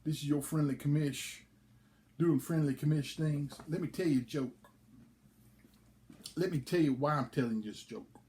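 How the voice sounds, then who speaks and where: A man's voice: fairly high pitch, moderate pace, pauses often. A man, a league commissioner, chatting casually and telling a folksy joke. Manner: folksy, relaxed storytelling.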